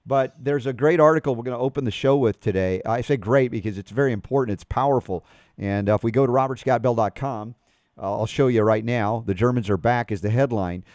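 A man's voice: mid-range voice, a little fast, a little mellow, dry recording, clean studio sound. A man hosting a talk radio show, reading an article aloud and adding emphatic commentary.

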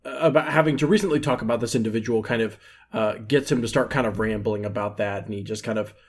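American man, rambling tabletop player, lots of ums and restarts. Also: fairly low pitch. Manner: rambling, halting, many fillers. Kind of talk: tabletop game chat.

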